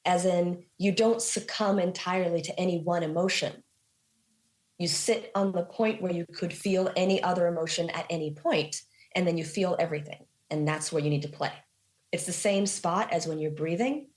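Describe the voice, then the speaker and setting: Woman, slightly low voice, casual interview, animated storytelling, reflective. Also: normal speed. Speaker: guest musician. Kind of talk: conversational interview.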